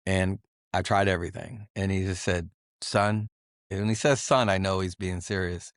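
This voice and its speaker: A middle-aged man speaks in a lowish, dry voice, telling his story as a podcast guest. He is earnest and confessional, stopping and restarting often and leaning on filler words. Close and dry, with no room sound. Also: steady tone, dry recording. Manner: halting, full of "you know" fillers and restarts. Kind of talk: candid personal testimony.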